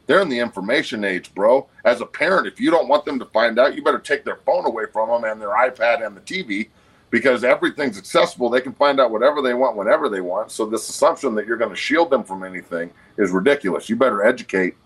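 A man's voice: mid-range voice, fast, slightly rough, low-quality recording. A man in his forties, a guest on a podcast, talking bluntly and emphatically with a lot of swearing. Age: 40s. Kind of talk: casual podcast conversation.

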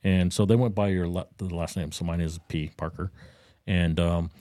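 Low-voiced man telling a lively story. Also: moderate pace, no room sound. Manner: animated, acts out quotes with a higher voice. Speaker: podcast co-host. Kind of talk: casual storytelling banter. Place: Daytona Beach, Florida.

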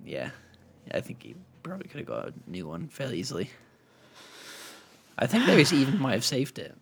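A man's voice: mid-range voice, wildly swooping pitch, a little fast, creaky, slight background noise. A man chatting casually on a podcast, telling rambling anecdotes with laughing asides. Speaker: podcast co-host. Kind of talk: casual chat, storytelling.

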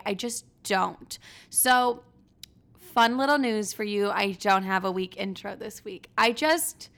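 A woman's voice: medium pitch, a bit bright. Blunt, foul-mouthed young woman podcaster. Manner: profane, rambling, blunt opinions. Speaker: podcast host. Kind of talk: casual solo podcast chat.

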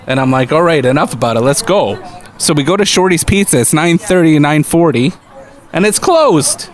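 A man's voice: a little high, expressive, normal speed. Man telling a rambling story. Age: middle-aged. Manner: rambling storyteller, laughs often. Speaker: podcast co-host. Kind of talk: casual chat.

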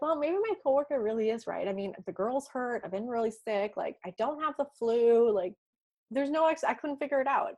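Expressive woman telling her story. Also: fairly high pitch. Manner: animated, acts out her own past dialogue; frequent light laughs and restarts. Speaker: interview guest. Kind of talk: personal storytelling in an interview.

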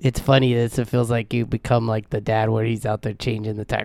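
A man's voice: medium pitch, normal speed, hardly any pauses, darkish tone, dry recording. A man co-hosting a casual chat, telling stories animatedly and laughing often. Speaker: podcast co-host.

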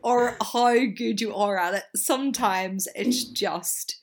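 A woman's voice: on the high side, slow. Wry young woman, casual swearing. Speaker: podcast co-host. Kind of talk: frank casual chat.

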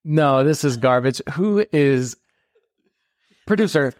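A man's voice: medium pitch, lively intonation, takes it slowly, no room sound, clean studio sound. A man in an improvised comedy sketch, playing an irritated appraiser who swears and rants. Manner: exasperated, swearing, loud.

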